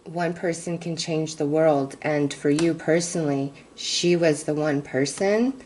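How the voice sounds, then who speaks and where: Low, slow-talking woman reading tarot. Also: fairly even intonation, darkish tone, slight background noise, poor audio. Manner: halting, many fillers, becomes emotional. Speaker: tarot reader. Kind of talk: casual spiritual reading to viewers.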